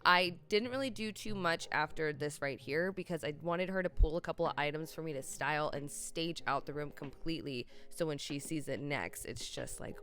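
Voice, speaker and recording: A woman's voice: low-pitched, normal speed, few pauses, a bit bright. A young woman hosting a home makeover vlog, narrating casually and chattily with lots of fillers. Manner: chatty, filler-heavy, upbeat. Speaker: DIY vlog host and designer.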